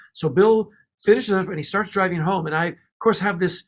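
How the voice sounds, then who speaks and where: A man, a record producer, telling stories in a casual podcast interview, animated and laughing as he goes. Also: high-pitched, fast.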